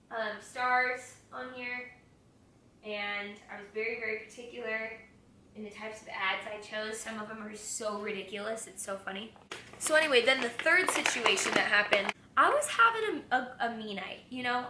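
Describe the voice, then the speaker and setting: A young woman with a bright, forceful voice talks loosely and giggles between stories as she cooks. She swears without a second thought. The kitchen rings with echo, and a faint room hum sits behind her. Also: on the high side. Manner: candid, giggly and profane. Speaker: vlogger. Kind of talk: casual chat. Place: home kitchen.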